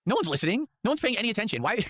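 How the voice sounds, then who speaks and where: A man's voice: high voice, very fast, dry recording. A man hosting a commentary show, reacting to clips in a mocking, rambling way. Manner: mocking, animated, rambling asides. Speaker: commentary channel host.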